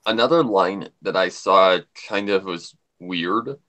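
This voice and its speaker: A man's voice: deep voice, slow pace. Rambling man chatting on a stream. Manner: rambling, animated, repeats himself. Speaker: livestream co-host. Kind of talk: casual livestream chat.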